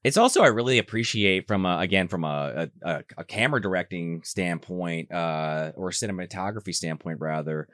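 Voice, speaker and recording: A man's voice: brisk, few pauses, no room sound, clean studio sound. A man in casual chat about a show, swearing freely and mimicking characters. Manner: animated, swears, mimics characters in high voices.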